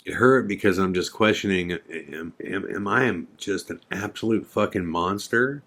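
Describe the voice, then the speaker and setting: A man's voice: low voice, measured pace, a bit bright. A man hosting a podcast, retelling a frightening night in an intense, regretful way with some swearing. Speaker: podcast host. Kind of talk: first-person storytelling.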